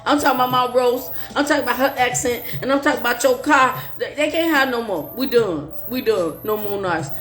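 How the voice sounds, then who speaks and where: A woman's voice: fairly high pitch, fairly quick, hardly any pauses, fairly bright tone, faint music behind. A woman hosting a casual live stream, playful and joking, laughing often between lines.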